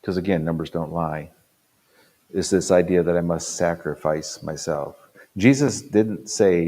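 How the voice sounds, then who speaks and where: An older man with a very low, deep voice gives an earnest motivational talk as a pastor. He drives points home by repeating phrases, jumping from loud bursts down to near-quiet asides. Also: moderate pace. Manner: swings between loud punches and quiet drops. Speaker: pastor and conference speaker.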